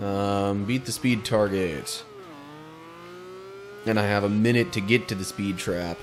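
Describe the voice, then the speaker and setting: A man casually commenting on his own racing gameplay. He is chatty, laughs easily and gets excitable while driving. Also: lowish voice, unhurried, noisy background. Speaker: gaming channel host. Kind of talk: casual let's play commentary.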